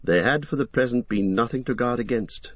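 A man narrating an audiobook in an expressive, dramatic storytelling manner, on a dull lo-fi recording. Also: mid-range voice, a little fast, breathy edge, dry recording. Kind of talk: scripted narration.

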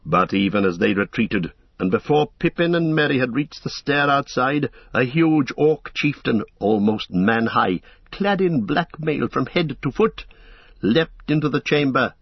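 Male narrator for an audiobook, husky voice, dry and dull lo-fi recording. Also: medium pitch, expressive, unhurried, dry recording. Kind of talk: audiobook reading.

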